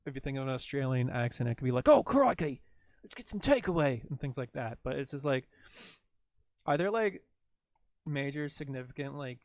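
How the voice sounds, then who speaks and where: Speaking a little fast in a steady, medium-pitched voice, a Canadian-accented man edits video on a livestream and chats casually, rambling with lots of "like" and talking to himself. There's no room sound.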